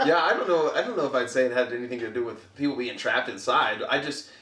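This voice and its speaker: A man's voice: medium pitch, quick pace. Guy on a beer podcast, bouncy voice all over the place, kinda far off mic, echoey room with faint hiss. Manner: lively, loose, swears and laughs. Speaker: podcast co-host. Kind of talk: casual chat over a beer.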